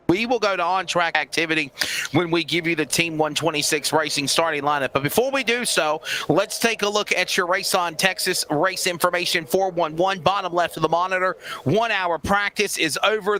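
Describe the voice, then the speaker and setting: A man doing play-by-play commentary for a sim racing broadcast, upbeat with scripted announcer patter and quick asides. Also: high-pitched, bright, forceful tone.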